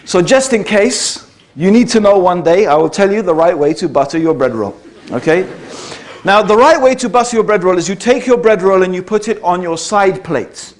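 A man's voice: high-pitched, expressive, moderate pace. A British man giving a conversational public lecture to an audience, often checking in with the listeners. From Britain. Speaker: speaker giving a talk to an audience.

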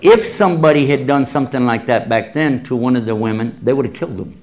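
A man gives a public religious talk, answering questions from the audience through lively stories. He tells them with humor and acts out the voices of the people in them, in a mid-range voice. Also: medium pitch, fast talker. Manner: animated storyteller who acts out quoted voices with humor.

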